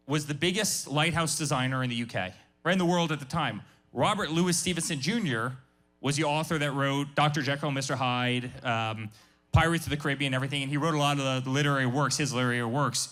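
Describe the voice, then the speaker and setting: A man's voice: mid-range voice, a bit bright. A man in his forties giving an emphatic business talk to a live workshop audience, repeating himself and restarting phrases often. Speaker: guest speaker.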